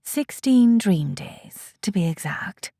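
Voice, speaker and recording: A woman voicing a hushed, cryptic alien elder. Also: medium pitch, animated, takes it slowly, dry recording, studio quality. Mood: solemn, cryptic. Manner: hushed, half-whispered, solemn. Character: calm cryptic alien female elder teacher.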